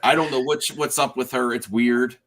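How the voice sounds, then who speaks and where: Bright-voiced man hosting a spoiler chat. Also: mid-range voice, fairly even intonation, normal speed. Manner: rambling, restarts often. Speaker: host. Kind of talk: casual spoiler chat on a video call.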